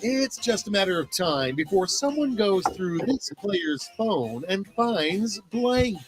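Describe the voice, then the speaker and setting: Hammy game show host, high and bouncy, taunting the players, music under it. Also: male voice, big pitch swings, slow pace, exaggerated voice, low-quality recording. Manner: theatrical, teasing. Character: brash wisecracking male game-show host.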